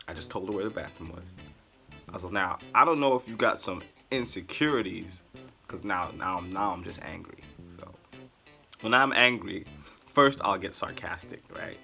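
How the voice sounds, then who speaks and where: Man, deep voice, bright edge, casual storytelling, rambling and sarcastic. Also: gravelly. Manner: animated, rambling, with sarcastic asides. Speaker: vlogger.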